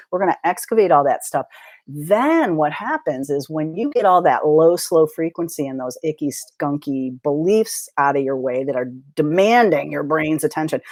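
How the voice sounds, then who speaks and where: A woman's voice: low-pitched, darkish tone, dry recording. A middle-aged woman, a mindset coach, talking brashly and casually in an interview and swearing freely.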